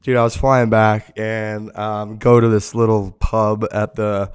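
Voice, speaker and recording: A man's voice: lowish voice, flat delivery, a little slow, clear, resonant tone. A man co-hosting a podcast, telling stories in loose, profane banter. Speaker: podcast co-host.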